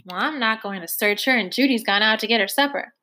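A woman's voice: a little high, quick pace, sharp tone. Brief: woman reader doing a flippant young cop, offhand and dry, read-along storybook. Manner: offhand, sarcastic. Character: brusque, careless young male cop. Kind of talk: reading a novel aloud.

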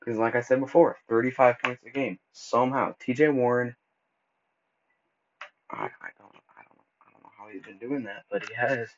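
A man hosting a casual solo podcast, talking loosely and stumbling over words as he goes, with relaxed slang. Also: medium pitch, normal speed, long pauses, background noise. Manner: casual, stumbles and restarts often; laid-back slang like bro and dude. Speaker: podcast host. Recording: dull lo-fi recording.

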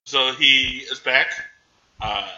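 A man casually recapping a movie in animated chat, jumping into the characters' voices now and then. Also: medium pitch, lo-fi sound. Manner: animated, acts out characters in quick bursts.

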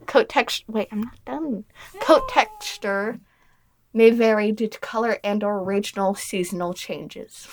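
A woman hosting a casual podcast chat, reading notes aloud in a halting, giggly way. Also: mid-range voice, expressive, a little hiss or hum. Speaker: podcast host.

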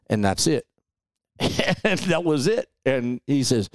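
A middle-aged man from Los Angeles, a podcast guest, telling stories in a casual, animated way and often adding "man" and "right?". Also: medium pitch, slow pace, no room sound. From Los Angeles, USA. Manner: animated storyteller, peppers talk with "man" and "right?". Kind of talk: casual storytelling interview.

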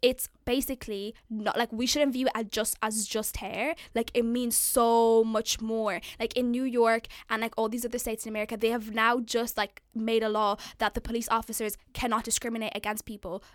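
A woman's voice: a little high, little pitch movement, normal speed, few pauses, no room sound, clean studio sound. A young woman co-hosting a podcast in casual chat, talking in a playful, chatty way full of "like" fillers. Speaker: podcast co-host. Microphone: studio mic.

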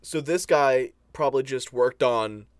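A podcast co-host in casual chat, playful and teasing with quick reactions. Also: medium pitch, smooth, dry recording, studio quality.

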